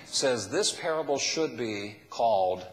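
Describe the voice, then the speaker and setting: A man's voice: mid-range voice, lively intonation, a little slow. A man preaching a sermon as a pastor, asking the listeners question after question. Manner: asks the listeners many questions. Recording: long hall reverb.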